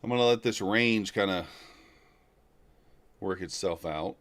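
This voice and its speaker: A man with a somewhat low voice runs live commentary on his trading. He talks casually and thinks aloud, wondering where the market goes next and greeting viewers by name. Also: a little slow, a bit bright. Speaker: livestreaming futures trader.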